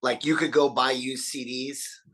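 A man telling animated stories on a casual podcast chat, swearing freely and acting out quotes. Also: mid-range voice, unhurried, breathy edge. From Texas, USA. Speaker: podcast guest.

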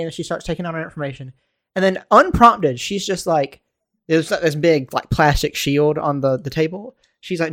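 A man with a fairly high voice co-hosts a casual podcast and tells a story about his week. He is animated and laughs now and then as he talks. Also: fairly quick. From North Carolina, USA. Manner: animated storytelling, laughing while telling anecdotes. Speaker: podcast co-host.

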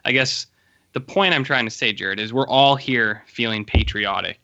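Bright-voiced Canadian man, casual podcast. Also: mid-range voice, moderate pace, dull audio. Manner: joking, rambling with many fillers. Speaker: podcast co-host. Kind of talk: casual chat.

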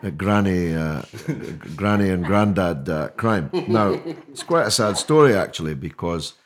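A man's voice: low-pitched, expressive, moderate pace, slight background noise. An older man, a guest on a podcast interview, talking in an emphatic, rhetorical way with many restarts. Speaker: mayoral candidate guest.

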